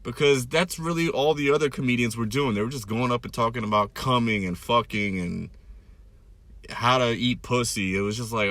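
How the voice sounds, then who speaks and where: A man's voice: lowish voice, moderate pace, fairly bright tone, no room sound. A man hosting a podcast, rambling in a loose, casual monologue full of "like" and fillers, with crude, irreverent humor. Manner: loose, laid-back, heavy with "like" and fillers. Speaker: podcast host and stand-up comic.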